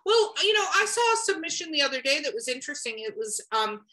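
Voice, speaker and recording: A woman chatting casually on a podcast, animated and quick to act out little quotes. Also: low-quality recording. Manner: animated, acts out quotes with shifting pitch. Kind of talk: casual chat.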